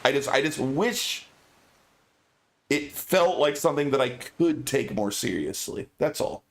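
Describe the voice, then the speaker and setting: A man's voice: a little high, animated, unhurried, gravelly, a little hiss or hum. Chatty joking man streaming a game. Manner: chatty, joking, filler-heavy. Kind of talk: casual gameplay commentary. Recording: game stream with loud music behind.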